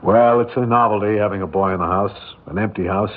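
A man playing a modest middle-aged working man, earnest and a little halting. His voice is husky. It comes through a narrow, tinny old radio broadcast. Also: lowish voice, natural voice. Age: 40s. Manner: hesitant, earnest. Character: plain, modest filling-station owner, gentle and humble. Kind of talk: 1940s radio acting.

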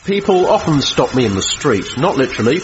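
An actor playing a boastful 1950s film studio boss giving a brisk promotional talk in a comedy sketch. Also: male voice, medium pitch, big pitch swings, natural voice. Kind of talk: comedy sketch, mock newsreel. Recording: muffled recording with clear background noise.

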